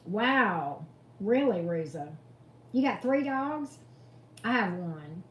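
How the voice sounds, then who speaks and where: A woman's voice: medium pitch, animated, slow. A woman hosting a casual tarot live stream, chatting with viewers and coaxing her dog with sing-song calls. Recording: roomy echo.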